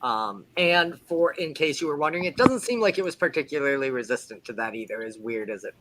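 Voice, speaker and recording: A man's voice: medium pitch, sing-song, brisk, background noise. A man narrating as game master of a tabletop game, casual and stopping to check rules aloud.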